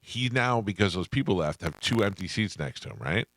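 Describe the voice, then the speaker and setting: A radio host telling a story in casual chat, acting out the people in it. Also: male voice, deep voice, a little fast, dry recording, clean studio sound. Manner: animated, acts out quoted voices.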